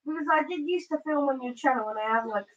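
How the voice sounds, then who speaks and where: A woman's voice: high-pitched, fast talker. A woman off camera chiming in insistently during a livestream chat. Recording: dull lo-fi sound.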